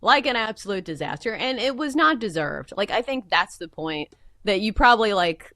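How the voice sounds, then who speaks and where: A woman of middling pitch co-hosts in casual chat, complaining with humor in an animated voice that moves up and down freely. Her voice is recorded dry and close on a studio mic. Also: moderate pace, no room sound. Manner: chatty, expressive, complaining with humor. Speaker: co-host.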